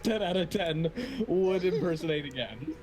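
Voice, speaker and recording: A man's voice: fairly high pitch, lively intonation, moderate pace, over a noisy crowd, rough recording. A man chatting on a live game stream, cracking jokes and poking fun at himself. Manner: jokey, self-mocking banter. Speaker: player. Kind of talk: casual chat on a live stream. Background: background game music.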